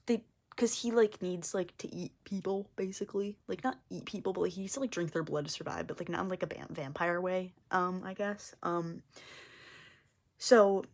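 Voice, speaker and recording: A young woman explaining her drawings in a casual, rambling way, full of fillers. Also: mid-range voice. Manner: rambling, heavy use of fillers. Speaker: artist vlogger.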